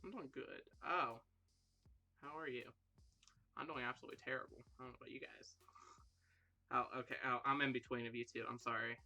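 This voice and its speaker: Young guy rambling on a livestream, kinda gravelly and bright, self-deprecating jokes, faint music behind. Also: medium pitch, steady tone, fairly quick, pauses often. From Ireland. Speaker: livestream host. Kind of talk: casual live chat with viewers.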